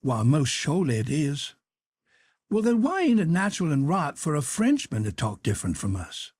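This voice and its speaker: Storybook figure: a stubborn, folksy grown man, read by a man, husky and dry. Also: on the high side, wildly swooping pitch, normal speed, darkish tone, dry recording, heavily acted. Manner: dialect-heavy, insistent arguing.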